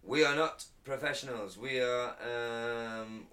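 A man's voice: medium pitch, slow pace, pushed and bright. A man co-hosting a casual podcast, reading notes aloud, laughing often and stumbling over foreign words. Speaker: podcast co-host.

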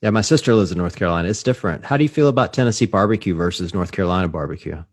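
Deep, fast-talking male host. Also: breathy edge. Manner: joking, quick banter. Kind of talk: casual chat.

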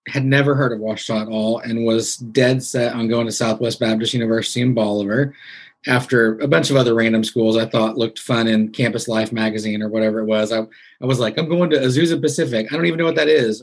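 A podcast host from Southwest Missouri is being interviewed, chatting casually and animatedly as he acts out the people in his story with quoted voices. His voice is medium-pitched and brisk.

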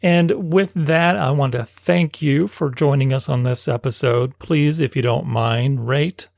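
A man hosting a casual podcast interview with a gravelly voice. His dry recording sounds close, and he keeps affirming his guest with short encouragements. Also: mid-range voice, unhurried, a little mellow, no room sound. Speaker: podcast co-host.

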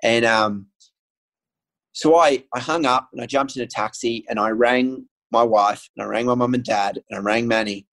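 A man with a steady, slightly bright mid-range voice talks at normal speed on a low-quality recording. As a guest in a casual conversation, he candidly and earnestly relates his personal story, frequently restarting and saying um.

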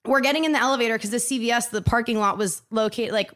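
Young woman, fast animated storyteller, higher voice, acts out every quote. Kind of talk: casual storytelling chat.

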